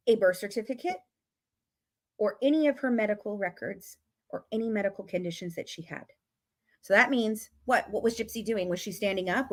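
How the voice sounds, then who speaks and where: A woman talking casually to viewers about a true-crime case, emphatic and repetitive, swearing as she gets angry. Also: medium pitch. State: openly angry.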